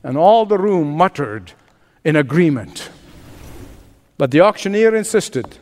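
A man preaching a sermon, telling a story in a dramatic, deliberate way in a church. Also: on the high side, sing-song, a little mellow, long reverb tail, a little hiss or hum.

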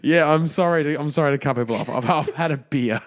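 A man's voice: on the high side, a little fast. A man co-hosting a comedy podcast in casual, teasing chat and laughing often. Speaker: podcast co-host.

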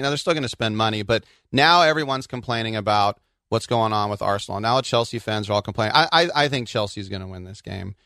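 Man, Bay Area native, podcast co-host, bright forceful voice, anecdotal and quick. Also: lowish voice, vocal fry, no room sound. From Bay Area, California. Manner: chatty storyteller, quick asides. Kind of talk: casual soccer chat.

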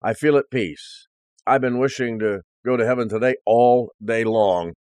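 A man voicing a dying elderly father who speaks quietly and weakly, calm and at peace. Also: medium pitch, no echo, clean studio sound, natural voice. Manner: quiet, unhurried, weak.

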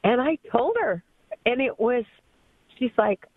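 A woman's voice: a little high, animated, measured pace, no echo. A woman in her fifties calling in to a radio show, telling a personal story in an earnest, emotional way over a phone line. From Southern California. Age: 50s. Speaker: caller. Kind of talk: call-in radio testimony.

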